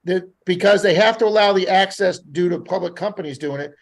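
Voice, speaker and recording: A man from Florida, a metal detecting guest, telling rambling, animated stories and acting out what people said. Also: sits high, fast. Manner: rambling, animated anecdotes with acted-out quotes. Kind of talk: casual storytelling on a live podcast.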